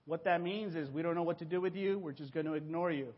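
A man from Mexico giving a personal testimony to his congregation, telling his story with animated exclamations and acted-out voices. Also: a little high, fast, lo-fi sound, slight background noise. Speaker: church member giving a testimony.

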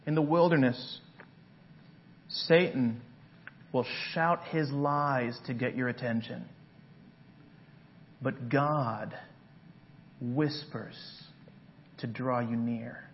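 A man preaching a sermon as pastor, dramatic and swinging from loud passages to hushed ones. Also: medium pitch, very slow, long pauses, highs cut off, a little hiss or hum.

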